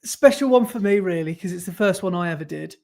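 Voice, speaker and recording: High-pitched and creaky with a slightly mellow edge, this man speaks fast and expressively as he co-hosts a casual podcast. He rambles chattily and keeps revising himself mid-sentence.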